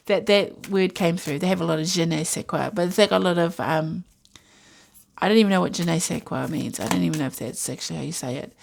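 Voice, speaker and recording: A woman talks through a tarot spread in a loose, meandering way, full of fillers and asides. Her voice sits a little low for a woman. The style is a relaxed, intuitive reading. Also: a little fast, gravelly, slight background noise. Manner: rambling, musing, many fillers and asides. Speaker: tarot reader.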